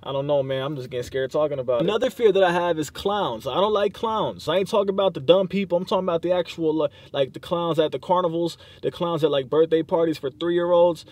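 A man's voice: fairly high pitch, quick pace, hardly any pauses, darkish tone, no echo. Slangy young man vlogging from his car. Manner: loose slangy rambling, heavy use of "like", cursing. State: tired, sleep deprived. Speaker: YouTube vlogger. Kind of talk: casual vlog talk to camera. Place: inside a parked car.

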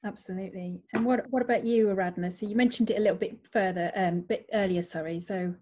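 A woman's voice: medium pitch, steady tone, fast, mellow. A woman hosting an interview on a video call, chatty and stumbling over words as she frames questions. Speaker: interviewer host. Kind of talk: hosted interview.

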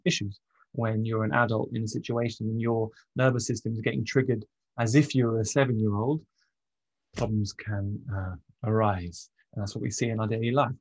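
A man coaching on trauma and stress, explaining in a relaxed, conversational way, with frequent pauses and restarts. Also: fairly low pitch, vocal fry, breathy edge, lo-fi sound. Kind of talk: casual teaching monologue.

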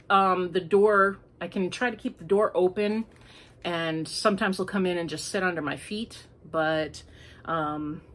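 A woman's voice: lowish voice, fairly bright tone, slight background noise. A woman hosting a home crafting podcast, chatting casually in a rambling way. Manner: chatty and rambling, with many fillers. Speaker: crochet podcast host. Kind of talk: casual chat.

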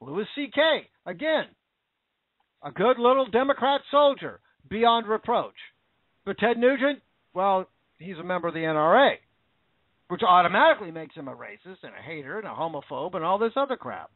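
A man's voice: high voice, very animated, normal speed, no room sound. An American man giving an indignant, repetitive political opinion rant. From United States. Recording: dry, phone-like narrow audio.

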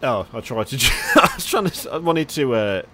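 A young man at a middle pitch whose voice swings widely as he fumbles with the controls, cursing and muttering to himself between bursts of laughter. It is casual gaming commentary over faint game noise. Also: big pitch swings, brisk, pushed and bright. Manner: flustered, sweary, laughing, talking to himself. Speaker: gamer.

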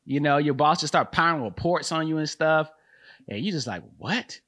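A man's voice: a little high, a little fast, a bit bright, no echo, clean studio sound. A man hosting a podcast, riffing comedically in a rambling way with lots of slang and laughter.

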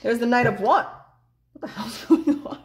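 A woman's voice: on the high side, normal speed, slight background noise. A woman doing a casual tarot reading in a blunt, chatty way, swearing freely and laughing often. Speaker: tarot reader.

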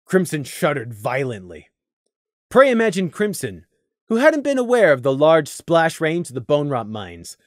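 A man narrating a story in an expressive, animated read, recorded close to the mic. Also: fairly high pitch, no echo. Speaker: audiobook narrator.

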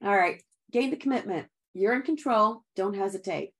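A middle-aged woman coaching a sales team in an upbeat, chatty way. She is encouraging, laughs easily and keeps calling her listeners guys. Her voice sits at an ordinary middle pitch for a woman. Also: lively intonation, moderate pace. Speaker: direct sales trainer. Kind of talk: upbeat sales training talk.

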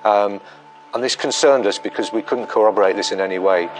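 A man, a police detective recounting an investigation in a documentary interview, measured and full of ums and restarts. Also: fairly low pitch, a little hiss or hum, poor audio.

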